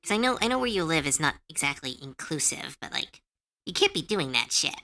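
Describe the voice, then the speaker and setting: A woman streamer chats with her viewers in a bright, forward voice that swings widely in pitch. She sounds earnest and comforting, and her talk is loose and full of fillers. Her voice sits a little low for a woman. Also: big pitch swings, a little fast. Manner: laughs easily when unsure. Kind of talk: casual chat with chat viewers.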